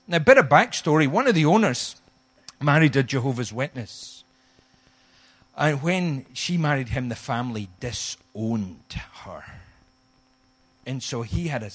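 A middle-aged man preaching a sermon, telling a humorous story with animated, acted-out quotes. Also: on the low side. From Scotland. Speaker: guest pastor.

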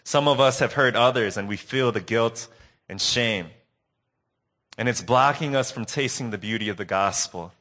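A man preaching a sermon recap, earnest and telling a story with dramatic pauses. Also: mid-range voice, bright, forceful tone.

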